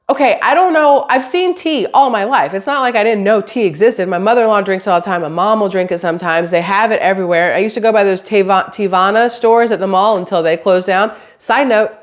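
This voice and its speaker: A woman's voice: mid-range voice, a little fast. Rambling, chatty woman vlogger. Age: adult, has a daughter. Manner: chatty, rambling, swears casually. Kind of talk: casual chat to camera.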